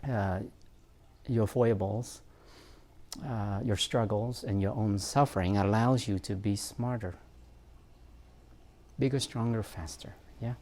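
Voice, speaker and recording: A man's voice: on the low side, slow, pauses often, darkish tone. A man, a therapist, giving an informal talk on parenting, reflective and self-mocking, with frequent fillers and laughs.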